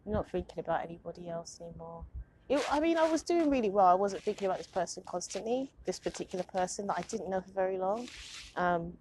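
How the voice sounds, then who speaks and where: A woman's voice: fairly low pitch, expressive, fast, darkish tone, slight background noise. A young woman, chatting on her own vlog in a rambling, self-mocking way and laughing often. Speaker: vlogger. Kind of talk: casual confessional chat. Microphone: phone or low-end camera.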